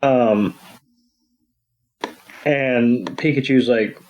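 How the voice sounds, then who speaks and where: A man's voice: mid-range voice, drawn-out words, darkish tone, lo-fi sound, a little hiss or hum. A man co-hosting a podcast, recapping an episode in a loose, rambling way full of ums and restarts. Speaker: podcast co-host.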